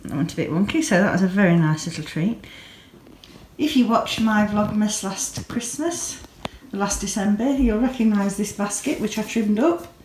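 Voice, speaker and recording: A woman's voice: medium pitch, normal speed, a little mellow, slight background noise. A woman in her thirties chatting casually at home in a vlog, gushing over small pretty things and sounding sleepy. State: sleepy, yawning. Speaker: yarn dyer and vlogger. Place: home, craft room.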